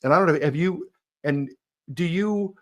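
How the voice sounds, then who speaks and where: A man co-hosts a chat show, eager and explaining step by step, often restarting his sentences. His voice sits a little high. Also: normal speed, a bit bright. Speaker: co-host. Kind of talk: casual podcast chat.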